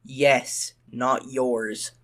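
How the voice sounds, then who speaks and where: A narrator voicing a stubborn, jealous little blue tank engine who talks in a slow, sulky way, in a toy-train storybook remake. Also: mid-range voice, little pitch movement, fairly bright tone. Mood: sly.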